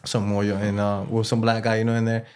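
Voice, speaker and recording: A man's voice: fairly low pitch, monotone, a little fast, darkish tone. A man telling a casual story as an interview guest, in loose street slang with Spanish words mixed in, rambling and repeating himself.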